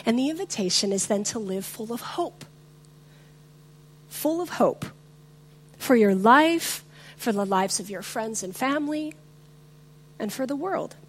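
A woman giving a reflective, self-deprecating talk on faith with a personal story, often pausing with fillers. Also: fairly high pitch, animated, a little hiss or hum. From not from the US.

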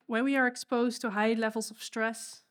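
A woman's voice: on the high side, flat delivery, normal speed, a bit bright. Earnest woman preaching, non-native English speaker. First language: not English. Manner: earnest, emotional, with hesitations and restarts. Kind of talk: sermon. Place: stage before an audience.

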